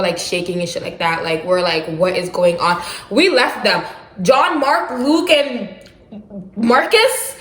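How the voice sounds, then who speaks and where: Lively young woman telling a storytime. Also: medium pitch. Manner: animated, laughing, slangy retelling. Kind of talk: casual storytime vlog. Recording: roomy echo.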